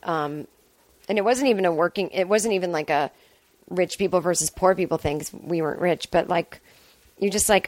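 Woman, low-ish voice, dry close mic, chatty rambling solo host who swears casually. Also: brisk, dry recording. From Boston area, US. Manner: rambling, chatty, self-deprecating, swears freely. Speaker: podcast host.

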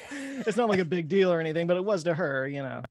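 Relaxed young Texan man, dry sound. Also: high voice, quick pace, dry recording. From Texas. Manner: relaxed, filler-heavy, with "like" and "you know". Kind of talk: casual conversation.

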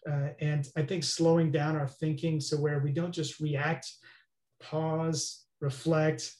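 A man's voice: on the high side, level tone, normal speed, a little mellow. Earnest man explaining, roomy sound. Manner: earnest, explanatory, often asks "right?". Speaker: guest expert. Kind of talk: interview conversation. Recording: roomy echo.

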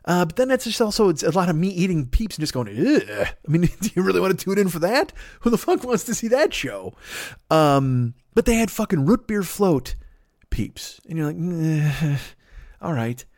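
With a voice that sits high and a slightly fast delivery, this fifty-something man hosts a podcast in studio quality with no echo. His comic monologue is rambling, crude, and animated.

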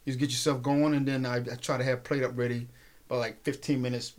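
A man's voice: medium pitch, level tone, fairly quick. A man who works as a private chef, talking casually in an interview and rambling and repeating himself as he explains his work.

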